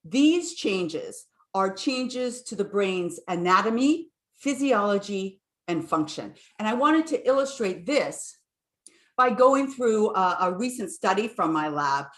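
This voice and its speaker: A woman's voice: medium pitch, lively intonation, takes it slowly. Woman scientist, online lecture, enthusiastic, frequent fillers, echoey room. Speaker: neuroscientist giving a talk.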